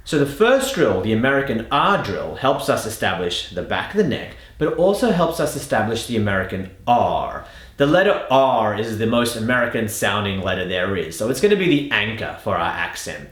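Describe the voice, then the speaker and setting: A man coaching his viewers through a lesson, upbeat and direct, with a voice pitched in the middle range. The room around him adds a roomy echo to every word. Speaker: accent coach. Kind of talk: video lesson.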